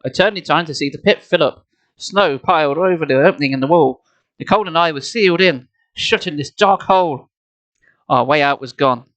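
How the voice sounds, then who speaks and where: A man's voice: on the high side, brisk, a bit bright. A man reading a children's horror book aloud on a live stream, playful and mocking himself between passages. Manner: playful, self-mocking asides between narration. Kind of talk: live storybook reading with asides. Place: home streaming setup. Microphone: desk mic, laptop.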